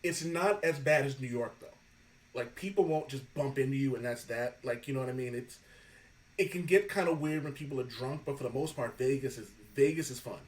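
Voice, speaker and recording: A man hosting a podcast, telling animated stories in casual chat, swearing freely and laughing often. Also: medium pitch, fairly quick, far from the mic, poor audio. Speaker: podcast host.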